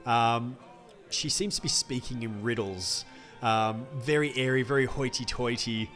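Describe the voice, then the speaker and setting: A man narrating a tabletop game as game master in a relaxed, hesitant way. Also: medium pitch, unhurried, faint music behind.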